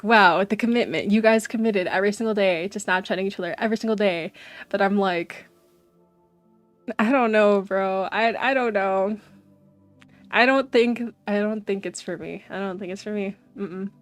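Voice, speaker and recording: A woman's voice: mid-range voice, normal speed, dry recording, soft background music. A young woman streaming, chatting casually and animatedly with her viewers and often saying "bro". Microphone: desk mic.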